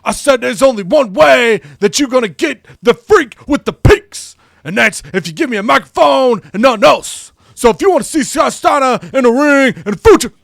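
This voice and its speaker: This is a boastful male wrestler voiced by a man cutting a promo at full volume. He shouts with over-the-top bravado, pitched well above a normal speaking voice. The sound is dry, with no room around it. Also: animated, moderate pace, vocal fry, few pauses, dry recording, full character voice. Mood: bombastic.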